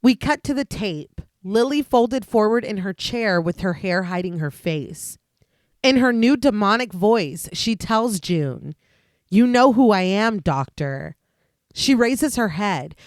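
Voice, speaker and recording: A woman's voice: medium pitch, dry recording. Woman recapping a film plot, dry close mic. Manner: steady, detailed plot narration. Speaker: podcast co-host.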